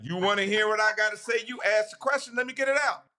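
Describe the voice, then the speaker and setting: A man with a high, bright voice, arguing his side on a racing talk show. He talks fast over others, loud and profane, in a heated casual chat. The delivery stays animated and forceful. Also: slight background noise.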